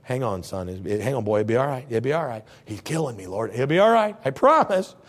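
A preacher voicing a strained whale that gently reassures its passenger in a deep, quiet voice. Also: male voice, big pitch swings, fairly quick, big-room sound. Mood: soothing. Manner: gentle, reassuring, repeating itself. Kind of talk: sermon storytelling.

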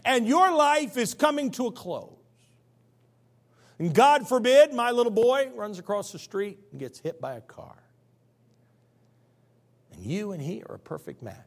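A male pastor preaching with a high, gravelly voice that swoops up and down constantly. He moves between loud, emphatic bursts and near-whispers, tossing folksy asides to his listeners. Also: big pitch swings, measured pace, long pauses. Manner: folksy, conversational asides to the congregation. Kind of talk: sermon.

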